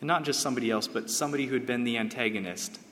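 A man's voice: medium pitch, very fast, fairly bright tone, a little hiss or hum. Preacher man in a reverberant hall. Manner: dramatic storytelling, rising to impassioned cries. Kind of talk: sermon.

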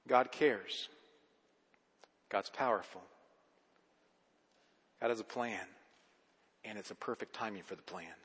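Impassioned pastor with a bright, forceful voice. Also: male voice, lowish voice, unhurried, long pauses, breathy edge. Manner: impassioned preaching, swings from hushed to loud emphatic declarations. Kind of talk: sermon. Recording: long reverb of a large hall.

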